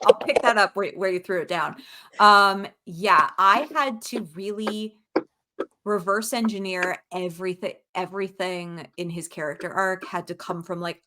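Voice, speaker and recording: A woman's voice: mid-range voice, measured pace, noisy background. A woman author chatting casually on a podcast, talking reflectively with frequent fillers. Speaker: author guest.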